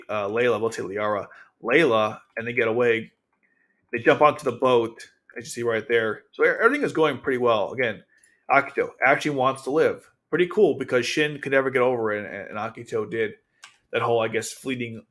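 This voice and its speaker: A man's voice: mid-range voice, fairly bright tone. A man hosting his own channel, recapping and commenting on an anime episode in a loose, rambling way with many fillers and restarts. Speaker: anime reviewer and channel host. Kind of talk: casual episode commentary over video.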